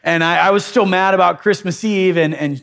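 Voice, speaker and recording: A man's voice: high-pitched, fairly even intonation, fairly quick, creaky, fairly bright tone. A man in his thirties, a pastor telling stories in a casual, self-deprecating sermon with many restarts.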